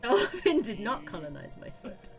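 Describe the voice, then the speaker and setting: A high, bright woman's voice from Britain, joking around with friends while she plays a strategy game. Her pitch swings widely as she teases, and soft music plays behind her. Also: huge pitch swings, moderate pace. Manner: playful, laughs often. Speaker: streamer playing a strategy game. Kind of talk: casual chat with friends.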